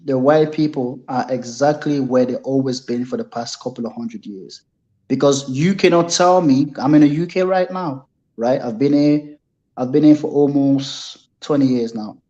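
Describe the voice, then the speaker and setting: A man from Congo, a guest in a heated debate, who answers calmly and keeps pressing for evidence. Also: medium pitch, normal speed, dull audio. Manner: calm, persistent, keeps asking for proof.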